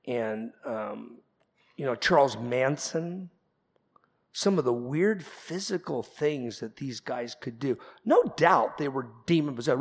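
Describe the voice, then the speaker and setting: Animated preacher man in a reverberant hall. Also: fairly high pitch. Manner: animated preaching, swings from quiet asides to loud emphatic points. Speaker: pastor. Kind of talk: sermon.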